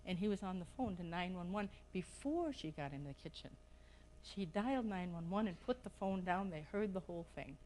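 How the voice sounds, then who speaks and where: A woman's voice: lowish voice, lively intonation, normal speed, warm tone, slight background noise, rough recording. A middle-aged woman giving an impassioned plenary talk at a conference, asking urgent questions of her audience. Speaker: conference speaker. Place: conference hall.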